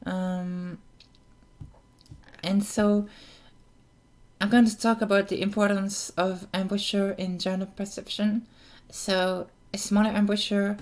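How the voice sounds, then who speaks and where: A woman's voice: medium pitch, level tone, measured pace, a little mellow. A woman explaining voice technique in a casual spoken tutorial, hesitant, with many ums and apologetic asides. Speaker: voice coach. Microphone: camera mic, speaker close to camera.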